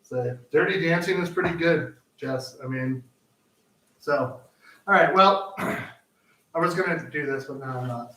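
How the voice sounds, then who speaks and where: A man's voice: a little high, measured pace, sharp tone. A man co-hosting a live cooking show, chatting loosely with lots of fillers and restarts while he cooks. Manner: rambling, full of fillers and restarts. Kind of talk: casual chat while cooking. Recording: roomy, distant mic, faint noise.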